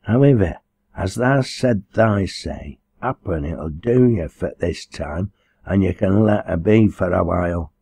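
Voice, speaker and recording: A man's voice: deep voice, a little slow, gravelly, husky, no echo, heavily acted. A man reading a blunt Lancashire pit girl. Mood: stern. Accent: Lancashire dialect. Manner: blunt, steady, reproachful.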